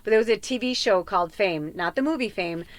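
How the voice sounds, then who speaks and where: A woman's voice: mid-range voice, a little fast, dry recording. A middle-aged woman hosting a casual tarot reading podcast, talking in a rambling, heartfelt way full of fillers and asides. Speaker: tarot reader and podcast host.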